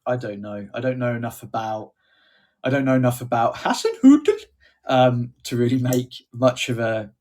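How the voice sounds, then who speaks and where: A man's voice: mid-range voice, lively intonation, normal speed, darkish tone. A man co-hosting a podcast, asking questions in a joking, teasing way. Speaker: podcast co-host, interviewer. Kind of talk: casual chat.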